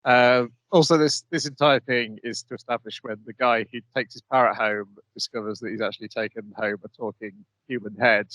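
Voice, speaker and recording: A man's voice: medium pitch, fairly even intonation, a little fast, hardly any pauses, fairly bright tone, no room sound, rough recording. A man co-hosting a podcast, steadily summarizing anime plot in casual chat, with frequent "um"s. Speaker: podcast co-host.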